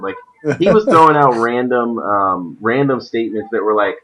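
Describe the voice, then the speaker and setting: A man's voice: medium pitch, animated, brisk, a bit bright, rough recording. A man hosting a casual gaming stream, rambling and often laughing. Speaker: stream host.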